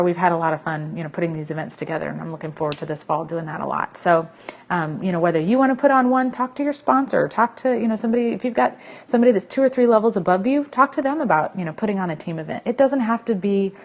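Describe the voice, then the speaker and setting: A woman's voice: lowish voice, quick pace. Woman live-streaming to her team, chatty and emphatic, full of fillers. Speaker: network marketing team leader. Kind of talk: casual live-stream chat to viewers.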